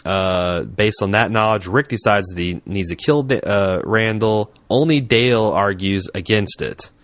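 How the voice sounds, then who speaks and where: A man's voice: on the low side, a little slow, a bit bright, no echo. A man co-hosting a casual podcast, joking around and reading an episode synopsis aloud. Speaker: podcast co-host.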